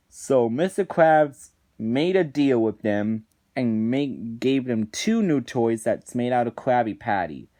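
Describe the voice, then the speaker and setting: Male reviewer, slow and deliberate, indignant rant with frequent restarts, mid-pitched voice. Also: animated, dark tone. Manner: indignant, exasperated, restarts phrases often. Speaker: reviewer of cartoon episodes. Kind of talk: ranting commentary.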